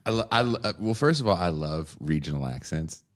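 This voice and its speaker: A man hosting a podcast in casual chat, excitable and profane, often laughing as he talks. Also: deep voice, fairly quick, dry recording, studio quality. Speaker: podcast host.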